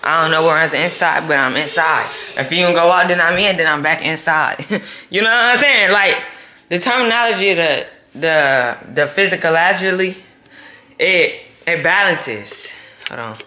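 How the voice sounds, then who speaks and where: A man's voice: a little high, normal speed. Rambling young man vlogging at home. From Texas, near Houston. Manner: rambling, playful slang. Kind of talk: casual vlog talk. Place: house indoors. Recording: echoey room with loud background noise.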